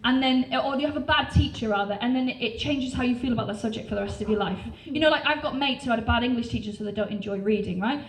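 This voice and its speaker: A woman's voice: on the high side, fast talker, hardly any pauses. A woman in her thirties from North Wales with a North Welsh accent, doing a brash, sweary stand-up routine and tagging her lines with "right?". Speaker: stand-up comedian. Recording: roomy sound from a distant mic, faint noise.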